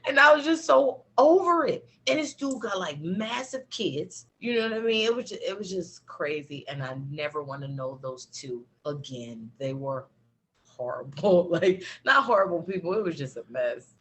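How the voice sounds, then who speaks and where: Low husky woman chatting, laughs a lot, tells a story all animated. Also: normal speed. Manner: animated, laughing, lots of fillers. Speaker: guest. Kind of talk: casual storytelling chat.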